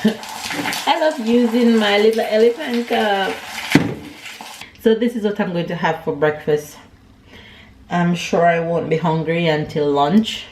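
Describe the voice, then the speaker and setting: Slow-talking woman in a clattering kitchen. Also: mid-range voice, noisy background. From Jamaica. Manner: chatty, narrates each step as she goes. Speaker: family vlogger. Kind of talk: casual chat to camera. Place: home kitchen. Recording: echoey kitchen with clattering dishes.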